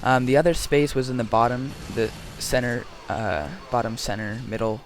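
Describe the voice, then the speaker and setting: A man's voice: mid-range voice, moderate pace, background noise. A man giving casual, rambling gameplay commentary, joking and going off on tangents with lots of filler words. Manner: rambling and jokey, many ums and tangents. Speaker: gaming commentator.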